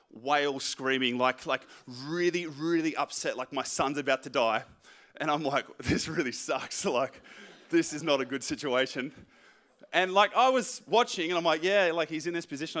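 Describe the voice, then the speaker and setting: Young male pastor, bright tone, lively self-mocking sermon storyteller. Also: on the high side.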